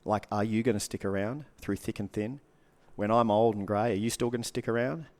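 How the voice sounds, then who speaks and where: A man's voice: fairly low pitch, steady tone, a little fast, a little mellow. A man, a guest coach giving earnest advice in casual podcast talk, repeating short punchy phrases.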